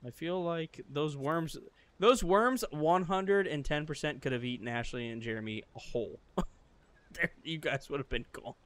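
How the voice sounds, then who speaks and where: A young man hosting a let's play, chatting casually and joking, then bursting into loud shouts. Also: a little high, normal speed. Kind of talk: casual gaming chat.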